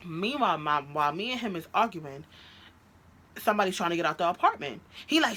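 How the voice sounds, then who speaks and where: A woman telling a story about her ex in a storytime vlog, animated and profane, recorded on a phone. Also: lowish voice, fairly quick. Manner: animated, profane, recounts a fight with heated quoted outbursts. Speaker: vlogger telling a personal story.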